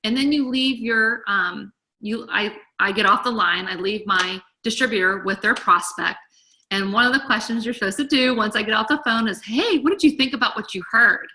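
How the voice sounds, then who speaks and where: A woman's voice: mid-range voice, moderate pace, pushed and bright. A woman leading a group call, coaching her team in an eager, chatty, encouraging way. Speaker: team leader.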